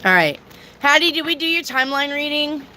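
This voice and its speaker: A woman's voice: high-pitched, expressive, a little fast, pushed and bright, a little hiss or hum. A woman giving a casual live tarot reading to viewers, chatty and jokey with crude asides. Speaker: tarot reader.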